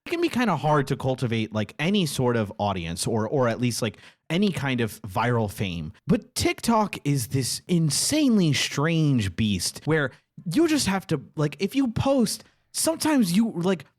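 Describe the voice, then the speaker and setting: A man's voice: a little high, huge pitch swings, normal speed. A man co-hosting a comedy podcast, ranting animatedly and laughing often. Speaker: podcast co-host. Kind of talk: casual comedy podcast chat.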